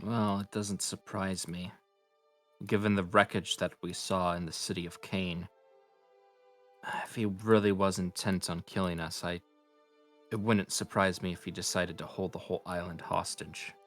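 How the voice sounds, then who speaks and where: A man acting as game master of a streamed tabletop game, talking in a relaxed, explanatory way. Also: low-pitched, moderate pace, faint music behind. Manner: relaxed, explanatory, laughs easily.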